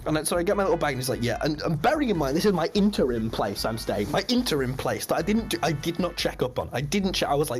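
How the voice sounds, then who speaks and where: An excitable young man spins a rambling story on his stream, his voice leaping all over the place. He laughs a lot and squeaks up high at the dramatic parts. Soft music plays underneath. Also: fast talker, few pauses. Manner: excitable, laughs often, voice jumps up when recounting shocks.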